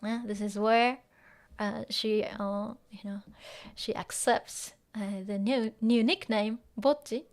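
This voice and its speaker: A Japanese teacher gives a relaxed language lesson, moving between English explanations and Japanese phrases. Her voice is a little high and her pace a little slow, and she sprinkles in ums and frequently laughs while explaining.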